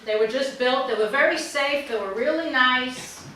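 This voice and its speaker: A woman's voice: high-pitched, moderate pace. Echoey older woman doing blunt stand-up. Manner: blunt and deadpan, swears freely. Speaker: stand-up comedian. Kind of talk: stand-up storytelling. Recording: very echoey hall, distant mic, faint noise.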